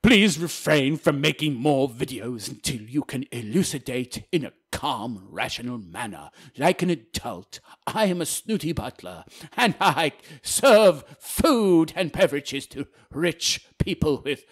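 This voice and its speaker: A man voicing a snooty, eloquent male butler who talks in a haughty, prim and slow way. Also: mid-range voice, expressive, slightly rough.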